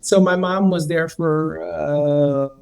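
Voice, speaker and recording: Male guest, gravelly, chatty storyteller, rambling with fillers. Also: fairly even intonation, slow pace, a little mellow. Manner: rambling, many fillers, acts out others' quotes in a higher voice. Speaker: healer and guest. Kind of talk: casual storytelling interview.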